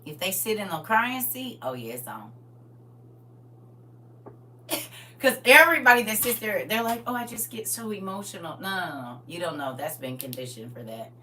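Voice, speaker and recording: A middle-aged woman preaches through stories in a lively, teasing way, talking straight to the crowd and now and then bursting out loud. Her voice sits a little low but has a sharp, bright edge. The mic is set back from her, with a faint hum underneath. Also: normal speed, pauses often, distant mic. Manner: lively and chatty, teasing the crowd directly, sudden loud outbursts. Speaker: speaker at a live church gathering.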